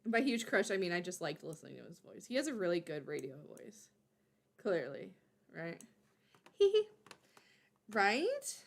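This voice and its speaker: A woman streamer chatting casually to her live audience, excitable and rambling, often restarting her sentences. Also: on the low side, a little slow, vocal fry, pauses often.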